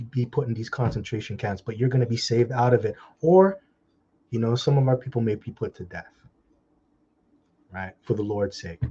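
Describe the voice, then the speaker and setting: A man preaching from scripture, reading verses slowly and then breaking into crude, mocking commentary. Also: medium pitch, mellow, husky. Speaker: street preacher. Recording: dull lo-fi sound.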